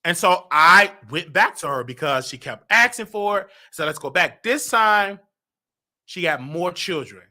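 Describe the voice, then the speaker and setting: A man hosting a talk show, telling a personal story in an animated way and acting out the dialogue. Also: high voice, measured pace. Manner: dramatic, acts out quoted dialogue. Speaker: show host.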